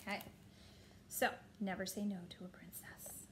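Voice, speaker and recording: A woman reading a children's picture book aloud to a child, gently stopping to point at pictures and ask questions. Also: mid-range voice, little pitch movement, normal speed, whispered.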